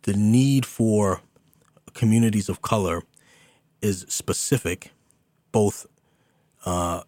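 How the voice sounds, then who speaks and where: A man hosting a community radio talk show, speaking in a halting way with many ums and uhs. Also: lowish voice, darkish tone, dry recording, clean studio sound.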